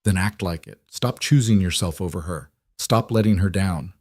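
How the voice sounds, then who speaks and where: A man's voice: low-pitched, normal speed, a little mellow, no echo, clean studio sound. A man voicing an anxious, protective single father who speaks urgently. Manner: urgent, insistent.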